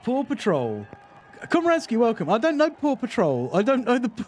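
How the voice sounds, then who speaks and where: A man's voice: very high voice, wildly swooping pitch, moderate pace. A British man hosting a reaction video, giving casual commentary with wry, sarcastic asides. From Britain.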